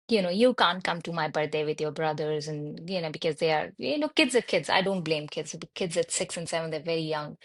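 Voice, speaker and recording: A woman in her thirties, a podcast guest telling candid stories about raising her children in an unhurried, reflective way. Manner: unhurried, reflective, voices her son's lines higher. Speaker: podcast guest, mother of autistic twins. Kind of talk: candid personal storytelling.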